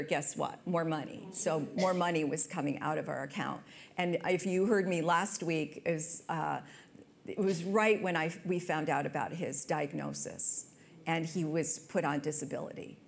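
A woman hosting a talk show, telling a personal story in an earnest, conversational way. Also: lowish voice. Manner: earnest, storytelling, quotes people with voice changes.

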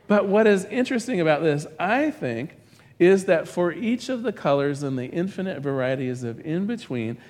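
Animated preacher in a hall. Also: male voice, a little high, normal speed. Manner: animated storytelling, acts out a joke with rising excitement. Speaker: pastor. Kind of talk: sermon. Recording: long reverb of a large hall.

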